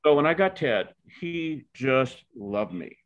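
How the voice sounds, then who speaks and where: A man's voice: mid-range voice, big pitch swings, slow, muffled recording. A man in his seventies from Oklahoma, telling his life story in a rambling, heartfelt way with many restarts. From Oklahoma, USA. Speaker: interviewee.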